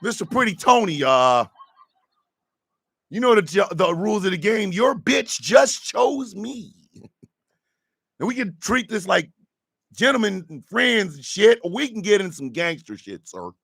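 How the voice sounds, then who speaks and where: A man doing a smooth-talking menacing pimp. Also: sits high, sing-song, fairly bright tone, no echo, studio quality, heavily acted. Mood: mock-polite. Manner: slow, mock-polite threats.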